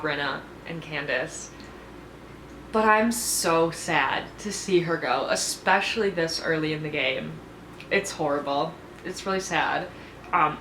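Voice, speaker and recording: A woman's voice: fairly low pitch, a little hiss or hum. Chatty woman recapping a show, roomy. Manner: chatty and expressive, with many fillers like "like". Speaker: TV reality show reviewer. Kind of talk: casual recap vlog. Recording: roomy echo.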